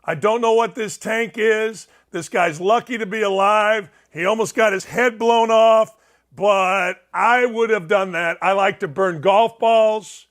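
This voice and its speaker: Show host, male, with a high-set voice; blunt and wisecracking as he reacts to clips, given to shouted disbelief. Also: fairly even intonation, unhurried. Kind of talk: casual reaction commentary on viral clips.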